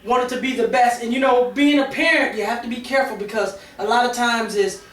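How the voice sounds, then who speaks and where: A woman's voice: a little high, fairly even intonation, brisk. A middle-aged woman on a talk show panel, candidly telling a personal story with many fillers and restarts. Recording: roomy sound from a distance.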